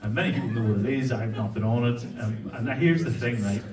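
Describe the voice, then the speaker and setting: Recorded far from the mic in an echoey hall, this Irishman in his 40s does live stand-up, crudely bantering with the crowd and spinning stories as laughter rings out. His mid-range voice is quick and somewhat dark.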